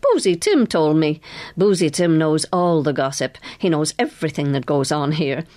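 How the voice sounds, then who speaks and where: A woman's voice: low-pitched, animated, moderate pace, a little mellow. A woman reading aloud, voicing a friendly, gossipy young woman who chats freely. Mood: chatty. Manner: chatty, friendly.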